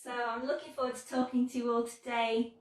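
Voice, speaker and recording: A woman's voice: a little high, little pitch movement, fairly quick. An English woman hosting a live-streamed sewing tutorial, chatty and upbeat, a little under the weather. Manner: chatty and upbeat, greets viewers warmly. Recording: echoey room, mic at a distance.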